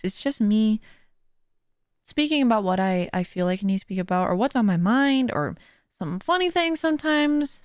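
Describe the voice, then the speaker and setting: Recorded in studio quality without any echo, this woman's mid-range voice carries her own podcast. As a host and streamer, she offers casual, sincere motivation rooted in her faith.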